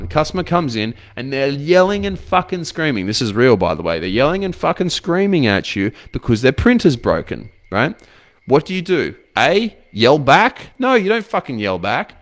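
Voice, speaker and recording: A man coaching other men with blunt, profane advice, firing off rhetorical questions. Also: medium pitch. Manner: blunt, swears freely, asks rhetorical questions. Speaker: men's coach. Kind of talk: motivational advice talk to camera.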